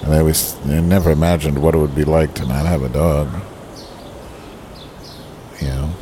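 Deep-voiced man grumbling and swearing outdoors. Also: flat delivery, moderate pace. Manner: profane, grumbling, self-pitying. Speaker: vlogger. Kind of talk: rambling outdoor vlog rant. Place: outdoors on a park bench. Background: birds and passing traffic.

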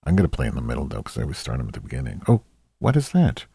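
A man's voice: very deep voice, wildly swooping pitch, very fast, warm tone, breathy edge, no echo, exaggerated voice. A man playing Madge, a crude, distracted woman who rambles through a solo comedy monologue and keeps losing her train of thought. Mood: rambling. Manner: rambling, distracted, loses track with many fillers.

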